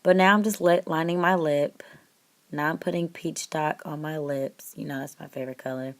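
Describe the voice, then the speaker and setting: A woman's voice: sits low, fairly even intonation, moderate pace. A woman talking over her makeup tutorial in a chatty, upbeat way, laughing often and talking straight to her viewers. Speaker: beauty vlogger.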